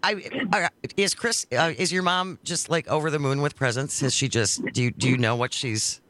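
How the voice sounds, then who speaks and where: Bright-voiced man hosting radio chat. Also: on the high side, moderate pace. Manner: friendly, rambling with restarts. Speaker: radio show host. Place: radio studio. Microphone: studio microphone.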